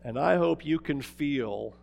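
A man with a notably high voice delivers a sermon. He tells the story dramatically, pressing some points hard and dropping to a near-hush on others. His voice carries the long reverb of a large hall. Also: lively intonation, a little slow, gravelly, soft background music. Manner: dramatic storytelling, swinging from emphatic to hushed. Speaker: preacher.

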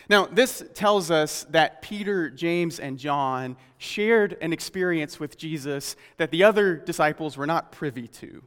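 A man preaching a sermon, reading scripture and explaining it in a measured, earnest way that slows on key phrases. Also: fairly high pitch, a bit bright, long reverb tail.

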